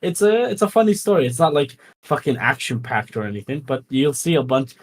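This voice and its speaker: Expressive and brisk at a medium pitch, a native Arabic speaker guesting on a live stream keeps things casual. There's plenty of teasing, frequent laughter, and swearing.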